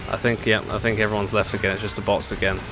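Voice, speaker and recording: A man's voice: on the low side, flat delivery, fast talker, background noise. A man chatting casually as he streams a racing game, laughing often and reading chat aloud. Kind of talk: casual gameplay commentary. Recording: game music behind the voice.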